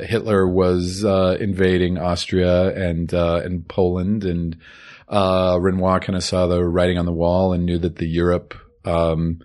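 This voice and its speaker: Low-voiced man explaining a film. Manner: explanatory, steady summarizing. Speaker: podcast co-host. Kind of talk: casual film discussion.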